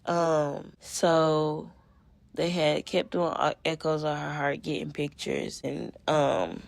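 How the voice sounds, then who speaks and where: A woman's voice: sits low, fairly even intonation, takes it slowly, creaky, no room sound. A woman in her thirties hosting a podcast, telling a personal story in a candid, emotional, conversational way with casual slang. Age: 30s. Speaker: podcast host.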